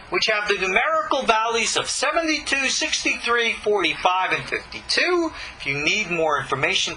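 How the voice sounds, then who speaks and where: A male teacher giving a recorded lecture, his high, very bright voice leaping up and down in pitch as he presses each point emphatically. Faint noise hums under the recording. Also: poor audio. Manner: emphatic, animated teaching with dramatic pitch swings. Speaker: Kabbalah teacher.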